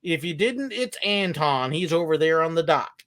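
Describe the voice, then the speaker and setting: A man's voice: a little high, animated, normal speed, fairly bright tone. A man doing a put-on Texan drawl as a goofy ride skipper. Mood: playful.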